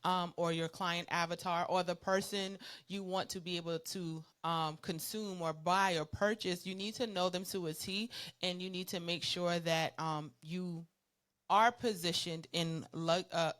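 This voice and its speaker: A woman's voice: on the low side, steady tone, measured pace, fairly bright tone. Woman cohost riffing on branding, passionate, chatty, lots of ums and likes. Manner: passionate, conversational, many fillers. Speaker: co-host. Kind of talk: business advice discussion.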